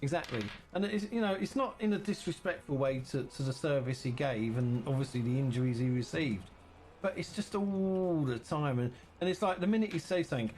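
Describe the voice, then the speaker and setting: A man's voice: a little high, fairly quick, darkish tone, a little hiss or hum. A man chatting casually and teasingly with viewers while streaming a farming game.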